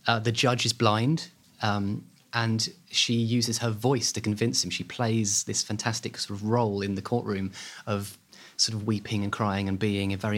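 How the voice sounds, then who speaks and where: Man telling history animatedly. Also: on the low side. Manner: lively, animated, hedging with fillers. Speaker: guest author. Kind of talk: conversational storytelling.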